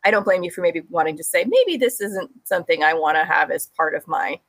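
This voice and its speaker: A woman with a Californian accent, chatting casually as a podcast host with animated asides. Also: low-pitched, no echo. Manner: animated, quick asides and laughs. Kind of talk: casual chat.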